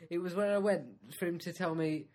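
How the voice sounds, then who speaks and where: A man's voice: high-pitched, steady tone, fairly quick, a little mellow. A man co-hosting a comedy chat, telling a hesitant, rambling anecdote, repeating himself. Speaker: comedy podcast co-host.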